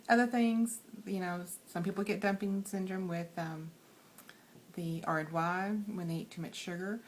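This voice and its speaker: A quiet, shy woman with a Texan accent giving earnest advice in a casual vlog, with many ums. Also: mid-range voice. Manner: soft-spoken, many fillers, earnest. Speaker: weight loss surgery vlogger.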